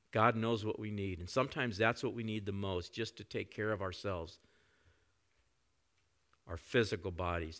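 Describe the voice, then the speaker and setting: A male pastor preaching a conversational sermon, often dropping to soft reflective tones. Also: on the low side.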